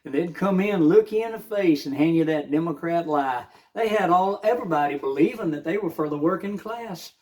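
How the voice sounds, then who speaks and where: A man's voice: fairly high pitch, expressive, fairly quick, few pauses, darkish tone. An older man, rambling fervently in a casual morning monologue, with many filler uhs. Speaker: vlogger.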